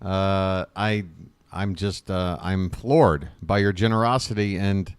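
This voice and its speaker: A man hosting a live fan play-by-play stream, calling pitches and thanking viewers, jokey and emotional. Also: slow, clear, resonant tone, no echo. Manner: chatty, thanks viewers warmly between pitches.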